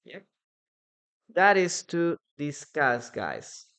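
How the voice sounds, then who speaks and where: A man's voice: a little high, sing-song, very slow, bright, forceful tone. A man with a Peruvian Spanish accent teaching English in a live online class, answering viewers' questions from the chat. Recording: echoey room.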